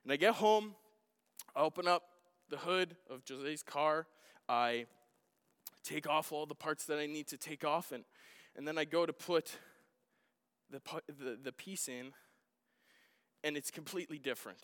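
A man preaching in a large hall, his high voice carried by a long reverb. He tells his story in an animated, self-deprecating way, dropping to quiet asides and then rising to loud outbursts. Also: a little slow, pauses often, clear, resonant tone. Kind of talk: sermon storytelling.

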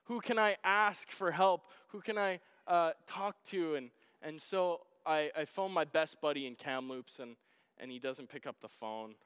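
Animated pastor in a reverberant hall. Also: male voice, fairly high pitch, unhurried, clear, resonant tone. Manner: animated storytelling, acting out his own shouts. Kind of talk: sermon.

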